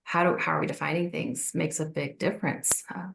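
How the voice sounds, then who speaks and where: A woman's voice: low voice, fairly even intonation, a little fast, vocal fry, a bit bright. A woman in her forties, a physician and podcast guest, telling a personal story in a reflective, conversational way.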